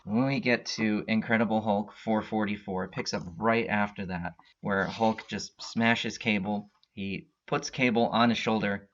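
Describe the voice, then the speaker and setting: A man's voice: fairly low pitch, fairly bright tone, a little hiss or hum. A man hosting a casual comic book recap, retelling the story in a rambling way with many fillers. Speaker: comic book podcast host. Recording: dull lo-fi recording.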